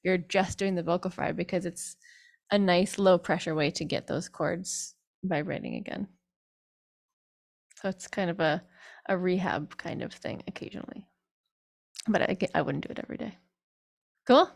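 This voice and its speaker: A woman's voice: on the low side, normal speed, creaky, pauses often. A woman vocal coach giving a chatty online group singing lesson, breaking into sung demonstrations.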